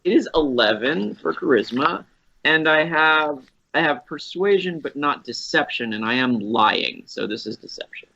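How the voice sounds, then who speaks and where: A man's voice: fairly high pitch, big pitch swings, moderate pace, creaky, pushed and bright, slight background noise. A man playing his character in a tabletop game, playful in his delivery. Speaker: player. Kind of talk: tabletop role-play. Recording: dull lo-fi sound.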